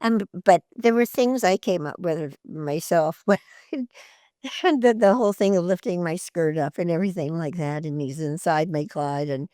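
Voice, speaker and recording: An older woman with a lowish voice recounts her stories in a lively interview. She laughs easily and slips into the voices of the people she describes. The recording is close and dry. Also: moderate pace, no room sound. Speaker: interview guest, actress. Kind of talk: anecdotal interview storytelling.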